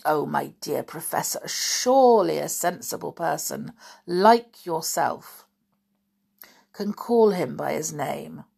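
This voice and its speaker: A woman voicing a wise, gentle elderly male wizard who speaks calmly and teasingly. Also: deep voice, slow, vocal fry, breathy edge, heavily acted.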